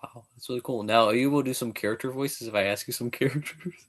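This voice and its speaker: A man's voice: medium pitch, steady tone, fast talker, fairly bright tone. A man hosting a podcast interview, eager and apologetic and laughing often. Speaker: podcast host. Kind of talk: casual interview chat.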